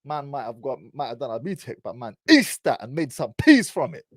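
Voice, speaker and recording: A man's voice: mid-range voice, sing-song, fairly quick, slightly rough, dry recording. A man in his thirties with an English accent, telling a personal story in a casual, teasing, slang-heavy way. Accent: British, English. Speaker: vlogger.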